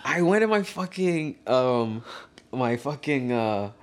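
A young man in a casual chat, telling an animated, slangy story and acting out the lines of people in it. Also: medium pitch, takes it slowly.

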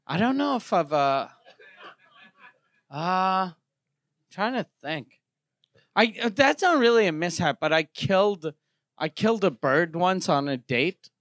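A man from Quebec in casual chat, telling stories in an animated way, cursing and acting out the voices of the people in them. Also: sits high, measured pace, long pauses, dry recording, studio quality. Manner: animated, swears freely, acts out quoted voices.

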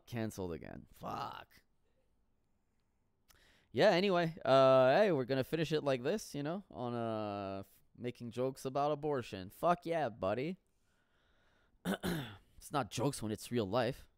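A man's voice: medium pitch, expressive, measured pace, long pauses, clear, resonant tone, no room sound, studio quality. A man telling stories in a casual solo monologue, rambling and profane with frequent laughter.

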